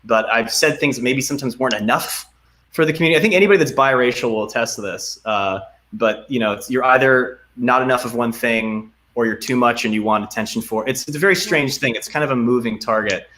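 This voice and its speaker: A young man speaks from home over a video call, and his voice comes through bright and clear. He reads donor names with plenty of uhs and ums and thanks each one warmly. The pitch sits in a middle range for a man. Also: quick pace. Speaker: guest actor. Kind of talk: casual video-call chat.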